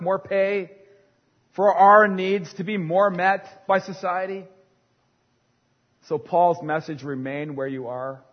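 High-voiced man preaching in a reverberant hall. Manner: dynamic preaching, swinging from hushed to loud. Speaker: pastor. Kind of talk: sermon. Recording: long hall reverb, dull sound.

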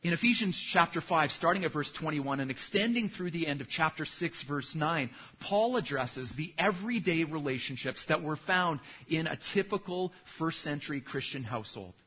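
A man's voice: a little high, expressive, moderate pace, few pauses, slightly rough, dull audio. A man who is a pastor, preaching a sermon and telling a story with acted punchlines.

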